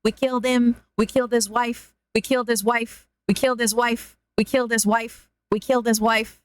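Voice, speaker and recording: Woman putting on a New York henchman, gruff, repetitive, male goon, dry close sound. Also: fairly high pitch, flat delivery, normal speed, no echo, close to an everyday voice. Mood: tough. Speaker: streamer.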